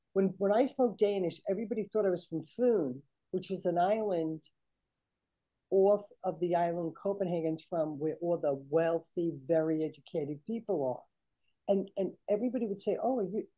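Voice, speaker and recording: An older woman with a very dark, mellow voice and a slightly low pitch. She tells her stories in a lively, chatty way and acts out the people she quotes. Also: low-quality recording. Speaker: guest. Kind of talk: casual storytelling chat.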